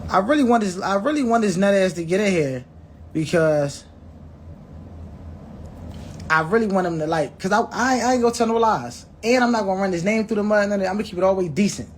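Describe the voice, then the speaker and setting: This man's high, expressive voice moves a little fast as he shares a personal story with viewers, with slight background noise. He curses bluntly, performs what people said, and often trips into repeats and restarts.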